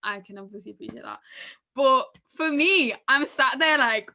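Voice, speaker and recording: A woman with a Northern English accent co-hosting a live podcast, telling stories in a chatty, animated way. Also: sits high, moderate pace. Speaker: podcast co-host. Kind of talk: casual chat at a live podcast. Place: live event venue.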